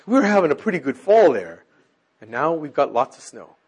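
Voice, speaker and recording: A husky-voiced man preaching to a congregation, his voice a little higher than most men's. He talks with lively, animated pitch and swings from loud exclamations down to near-whispers. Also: brisk. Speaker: teacher. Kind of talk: sermon.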